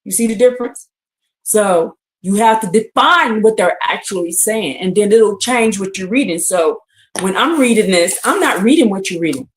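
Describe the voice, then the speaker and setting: A woman teaching scripture on a casual livestream, repeating her points with emphasis and checking in with listeners. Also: medium pitch. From United States. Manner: repetitive, emphatic, often asks "you see what I'm saying?". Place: indoors on a livestream, answering chat. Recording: roomy echo.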